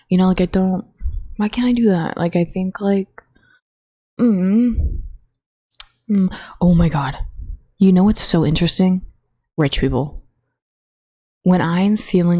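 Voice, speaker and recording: A young woman hosting a casual solo podcast into her own microphone, rambling, swearing and sounding flatly bored. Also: fairly low pitch, no room sound, studio quality. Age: young adult. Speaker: college student podcast host. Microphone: own desk microphone.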